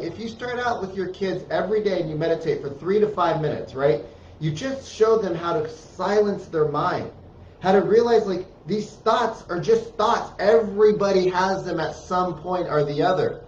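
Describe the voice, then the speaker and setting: Blunt, high-voiced man in a roomy space. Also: slight background noise. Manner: blunt, emphatic, swears freely. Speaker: speaker giving life advice to parents. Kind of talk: casual motivational talk. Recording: roomy, distant, dull sound with faint ambience.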